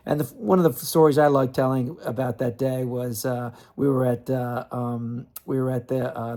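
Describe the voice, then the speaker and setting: Brief: male tennis writer, casual storyteller, rambling, mid pitch, lots of ums and restarts. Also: dark tone. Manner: rambling, many fillers and restarts.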